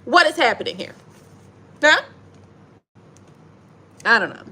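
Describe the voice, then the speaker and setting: Lively high-voiced woman reading tarot. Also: slow pace, slightly rough. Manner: animated, laughing, slangy and playful. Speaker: tarot reader. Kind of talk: casual live tarot reading.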